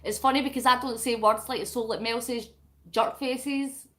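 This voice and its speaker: A middle-aged Scottish woman hosts a casual livestream, chatting and giggling as she reads viewer comments while doing crafts. Her voice is on the high side and a bit bright, with fairly even intonation, and she talks fast.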